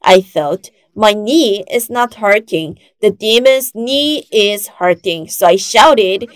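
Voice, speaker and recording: Slow, emphatic woman preaching a sermon. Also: mid-range voice, animated, no room sound. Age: 40s. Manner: slow, emphatic preaching with rising quoted exclamations.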